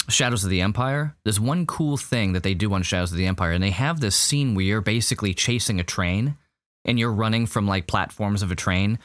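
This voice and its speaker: A man with a fairly low voice talks through a show review in loose, rambling podcast chat, stacking fillers and false starts. The sound is dry and close, with no room around it. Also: a bit bright, dry recording. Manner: rambling, full of fillers and restarts. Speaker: podcast co-host.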